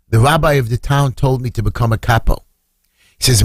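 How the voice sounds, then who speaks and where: A man's voice: steady tone, a little fast, no room sound, studio quality. A middle-aged man tells an emotional story on the radio, with dramatic swings in his voice. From Brooklyn, New York. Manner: dramatic retelling, voice leaping high when acting out screams. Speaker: council candidate.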